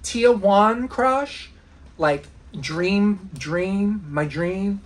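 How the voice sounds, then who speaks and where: A woman vlogger chatting casually, enthusiastic and excitable, giggling often. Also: medium pitch, drawn-out words. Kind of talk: casual vlog chat.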